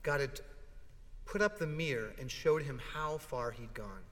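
A male pastor delivering a heartfelt sermon in a church, telling stories with dramatic pauses and hushed drops. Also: mid-range voice, long reverb tail.

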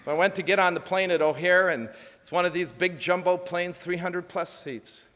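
A man preaching a sermon as a story, earnest with dry asides, moving between loud and hushed delivery. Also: sits high, moderate pace. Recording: reverberant hall, dull lo-fi sound.

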